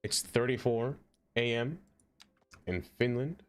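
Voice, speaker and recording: A man's voice: medium pitch, takes it slowly, over music. A young man from Brooklyn, rambling and joking as he reads chat on a casual gaming stream. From Brooklyn, New York.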